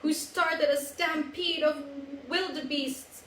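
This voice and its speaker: A woman with a Filipino accent, storytelling for children in an animated, sing-song way and coaxing them to join in. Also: sits high, takes it slowly, reverberant, a little hiss or hum, low-quality recording. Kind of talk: live storytelling for kids.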